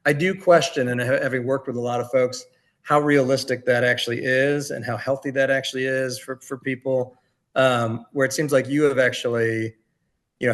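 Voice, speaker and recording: Encouraging, thoughtful male podcast host. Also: medium pitch. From Washington state. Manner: thoughtful and encouraging, with hedging restarts. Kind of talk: conversational interview.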